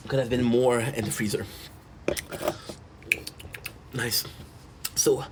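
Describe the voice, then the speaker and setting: A man's voice: mid-range voice, fairly even intonation, slow pace, heavy background noise. A man streaming and chatting casually, rambling and asking his chat rhetorical questions. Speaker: gaming streamer.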